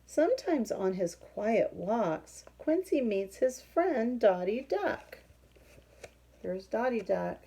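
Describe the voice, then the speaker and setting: Husky, slow-paced woman reading to children with a lively, animated lilt. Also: fairly high pitch, rough recording. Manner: explaining, asking the listener questions. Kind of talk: children's picture-book read-aloud.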